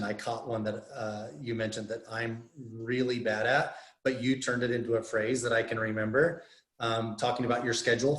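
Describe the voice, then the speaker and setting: Man on a video call, echoey room. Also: mid-range voice. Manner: friendly, halting with fillers. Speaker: meeting host. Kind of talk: casual video-call chat.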